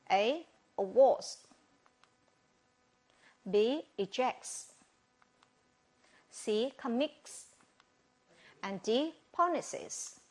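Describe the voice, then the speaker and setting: Slow, lively Vietnamese teacher woman. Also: fairly high pitch. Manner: slow, drawn-out, asks questions and praises with "very good". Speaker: English teacher. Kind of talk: televised classroom lesson.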